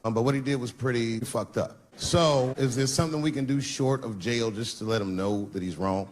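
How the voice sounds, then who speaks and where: A man performing stand-up comedy on a large theater stage, telling profane, animated stories and acting out quotes. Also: medium pitch, moderate pace, few pauses. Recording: live theater recording with background noise.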